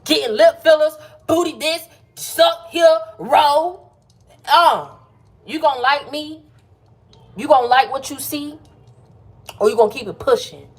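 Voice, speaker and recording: A woman's voice: sits high, unhurried, long pauses. A woman hosting a casual late-night livestream pep talk. She sounds playful and chatty and keeps calling her listeners "baby" and "y'all". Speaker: motivational livestream host.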